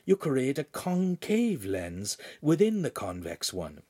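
A man voicing a calm, scheming male adviser who feeds lines quietly in a storybook reading. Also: mid-range voice, husky, exaggerated voice. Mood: coaxing. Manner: soft, measured, coaxing.

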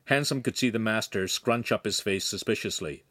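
A man narrating a young adult novel in a steady, even storytelling way. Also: fairly low pitch, fairly quick, hardly any pauses, dry recording, studio quality. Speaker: audiobook narrator. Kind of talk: scripted narration.

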